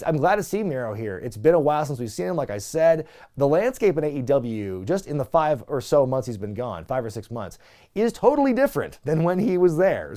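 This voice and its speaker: A man's voice: mid-range voice, mellow. A man casually recapping and reviewing a wrestling show, rambling and opinionated with frequent fillers.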